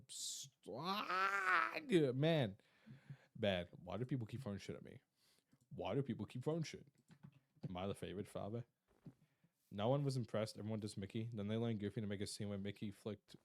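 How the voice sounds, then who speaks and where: A man's voice: fairly low pitch, fairly quick, mellow, dry recording. A young man streaming live. He chats casually with his viewers, jokes around, swears a lot and greets people in chat.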